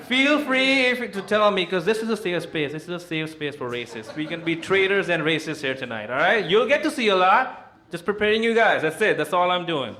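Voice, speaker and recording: A man's voice: fairly high pitch, pushed and bright. A young man, hosting a roast battle with crude, brash stand-up and crowd work from a club stage. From India. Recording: echoey club with crowd laughter.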